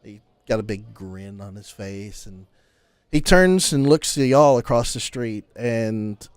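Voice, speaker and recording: A man narrating as game master in a casual, halting way. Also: lowish voice, lively intonation, clean tone, no room sound, studio quality.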